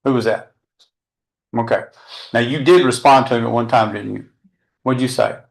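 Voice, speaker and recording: A man questioning a witness in court in a calm, methodical way. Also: medium pitch, normal speed, gravelly. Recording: echoey courtroom audio from a distance.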